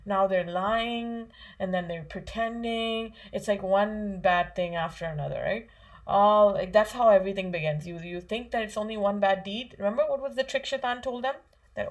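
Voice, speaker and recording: A woman's voice: medium pitch, normal speed. A woman giving a children's religious lesson in a chatty way, asking her young listeners lots of questions with frequent fillers. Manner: asks kids questions, conversational, many fillers. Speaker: Islamic studies teacher for children.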